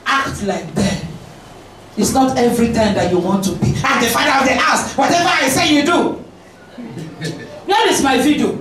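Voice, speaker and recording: A woman preaching a sermon, animated, often shouting and laughing, slipping into pidgin. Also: a little high. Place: church. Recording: echoey church hall, distant mic.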